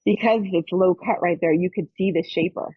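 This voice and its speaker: A woman's voice: fairly low pitch, brisk, breathy edge, no echo, phone-quality sound. A woman hosting a podcast, telling a personal story in casual chat and acting out the voices of the people in it. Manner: animated storytelling, acts out quoted voices. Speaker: podcast host.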